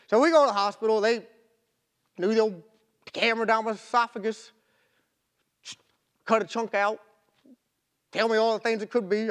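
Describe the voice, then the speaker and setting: High-voiced folksy male storyteller. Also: moderate pace, pauses often, clean tone. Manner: folksy, animated storyteller with casual grammar. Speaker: marathon runner telling his story. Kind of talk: storytelling talk.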